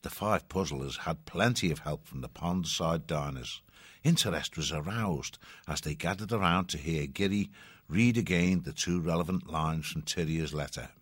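Audiobook narrator: man with a very low voice, dry close recording, measured delivery. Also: a bit bright, breathy edge, no room sound. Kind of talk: scripted storybook narration.

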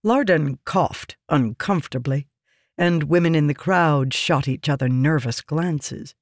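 A man narrating a fantasy audiobook in a measured, even reading, close to the mic. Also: fairly high pitch, no echo.

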